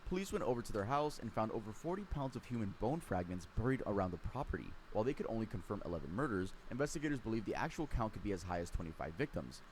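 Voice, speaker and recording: A man giving scripted true crime narration, lively storytelling with dry sarcastic asides. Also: fairly low pitch, fast talker, few pauses, a little hiss or hum.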